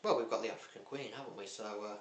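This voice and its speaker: A man's voice: on the low side, fast talker. Chatty man reviewing films in an echoey room. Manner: chatty, blunt, cheeky. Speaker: film vlogger. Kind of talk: casual film review chat. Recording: echoey room with faint hum.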